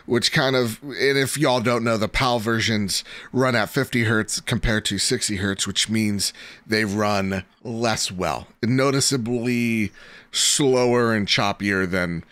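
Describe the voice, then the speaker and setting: A man's voice: on the low side, takes it slowly, a bit bright, dry recording. A man in his thirties co-hosting a podcast, chatting casually and rambling with plenty of "like" fillers. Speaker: podcast co-host. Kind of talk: casual chat.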